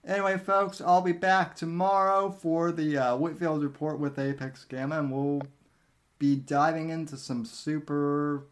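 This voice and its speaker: A man hosting a podcast, signing off in a slow, wry show-host manner. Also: a little high, level tone, slight background noise. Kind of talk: casual chat and sign-off.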